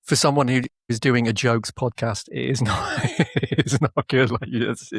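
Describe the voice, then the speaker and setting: A man's voice: mid-range voice, steady tone, measured pace, creaky, fairly bright tone, husky, no echo, clean studio sound. A man co-hosting a comedy podcast, chatting casually in a self-mocking way and laughing often. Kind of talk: casual chat.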